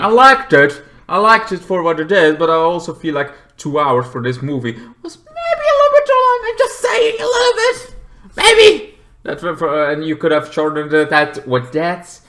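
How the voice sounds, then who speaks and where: A man's voice: on the high side, pushed and bright. A man casually reviewing a horror movie, rambling with many fillers and swearing as he retells scenes animatedly.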